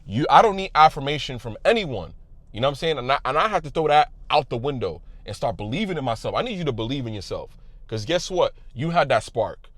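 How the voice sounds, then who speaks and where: A man giving a passionate motivational talk to his viewers, loud and emphatic, repeating phrases for weight. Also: mid-range voice, sing-song, quick pace, no room sound. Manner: loud at times. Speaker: YouTube creator.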